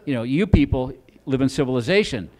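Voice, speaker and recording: A man's voice: mid-range voice, lively intonation, fairly quick, darkish tone. A middle-aged man doing stand-up on a club stage, telling a rambling story with lots of stammered restarts. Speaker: stand-up comedian.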